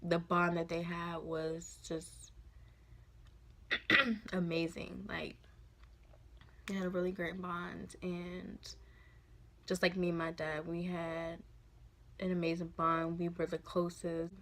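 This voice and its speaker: A woman in her twenties tells a personal story in a casual vlog, speaking softly and haltingly with many fillers. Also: lowish voice, little pitch movement. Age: 20s. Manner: soft, halting, full of fillers. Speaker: vlogger.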